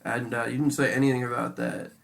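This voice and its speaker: Gravelly-voiced man ranting casually. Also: medium pitch, fast talker. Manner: animated, heavy swearing, says "dude" a lot. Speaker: podcast co-host. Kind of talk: casual chat.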